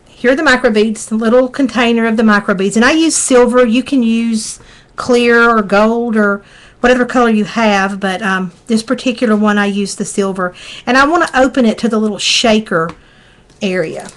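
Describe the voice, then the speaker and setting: A woman's voice: fairly high pitch, moderate pace. A middle-aged woman with a Southern US accent, chatting through a live craft tutorial in a folksy way as she works. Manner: chatty, folksy, talks while working. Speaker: craft demonstrator.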